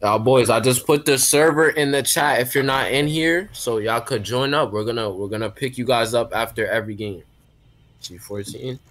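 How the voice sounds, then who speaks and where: Casually gaming on a live stream, a man talks with his chat and teammates in laid-back slang, echoing viewers' questions back. He speaks at a normal speed in a mid-range voice that's slightly bright.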